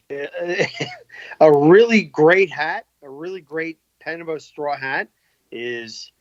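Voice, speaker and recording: A man in casual podcast chat, speaking slowly and hesitantly. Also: fairly high pitch, no echo, highs cut off. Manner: slow, hesitant. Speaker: podcast guest.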